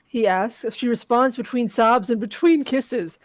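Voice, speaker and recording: A fairly high-pitched woman reads aloud from a text adventure game on a stream, mixing the story lines with joking asides. Her sound is dry and close, picked up by a desk microphone at home. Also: a little slow, no room sound. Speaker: co-host.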